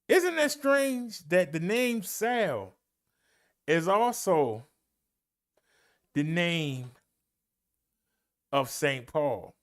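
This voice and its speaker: A man leading a Bible study as a minister, preaching in an emphatic, folksy way and talking straight to his listeners. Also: high voice. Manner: slow, emphatic delivery with long pauses and swooping emphasis.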